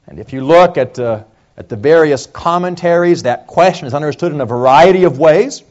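Animated male preacher, lo-fi sound. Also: brisk. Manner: swings from quiet low stretches to raised, emphatic lines. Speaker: pastor. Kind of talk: sermon.

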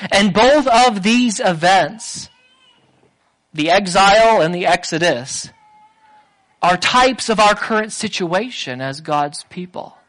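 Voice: mid-range voice, animated, slow, a bit bright, rough recording. A preacher delivering a sermon with emphatic delivery, repeating phrases and building to raised intensity.

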